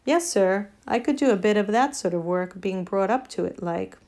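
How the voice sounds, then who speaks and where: A woman's voice: medium pitch, expressive, normal speed, darkish tone, natural voice. A woman voicing a humble middle-aged male cabdriver with a Cockney accent, speaking in a homely, deferential way in an audiobook. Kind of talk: audiobook character voice.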